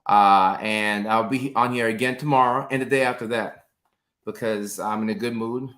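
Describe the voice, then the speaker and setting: A man's voice: lowish voice, fairly even intonation, moderate pace, a bit bright. A man in his thirties hosting a casual live stream, greeting viewers by name in an upbeat, chatty way with plenty of fillers, recorded indoors on a phone or webcam close to his face. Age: 30s.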